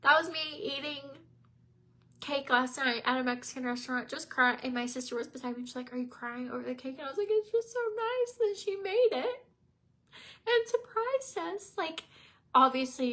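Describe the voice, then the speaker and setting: A woman's voice: fairly high pitch, sharp tone. A woman, chatting casually on a livestream, tired and teary, rambling with many fillers and restarts. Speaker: makeup vlogger.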